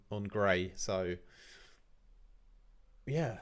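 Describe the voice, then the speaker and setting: A man's voice: lowish voice, expressive, slow pace, pauses often. Encouraging man hosting a stream. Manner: encouraging, enthusiastic feedback; chatty, with frequent restarts. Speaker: livestream host reviewing remixes. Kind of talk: casual livestream commentary.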